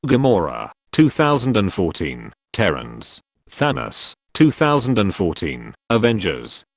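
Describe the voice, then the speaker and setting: A man's voice: fairly low pitch, huge pitch swings, unhurried, gravelly, no room sound, studio quality. A man reading a movie retelling aloud in a plain manner, announcing each speaker before their lines.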